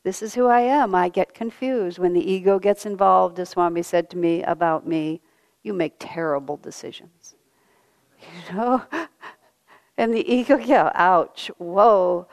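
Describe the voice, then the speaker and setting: A woman giving a devotional talk as a spiritual teacher, gentle and reflective, often letting her voice fall soft and quiet, with touches of light self-mocking humor. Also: fairly low pitch, unhurried.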